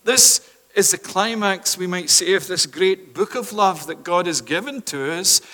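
A man preaching a sermon from a pulpit, shifting from loud proclamation down to hushed, near-whispered appeals. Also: high voice, lively intonation, unhurried. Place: church. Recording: long reverb of a large hall.

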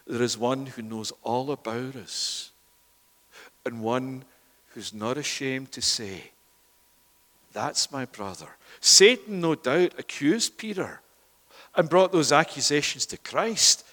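A male preacher delivers a sermon in a middle-pitched voice. He swings between loud, urgent bursts and quiet, hushed near-whispers. His voice carries a long reverb, as in a large church hall. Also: takes it slowly.

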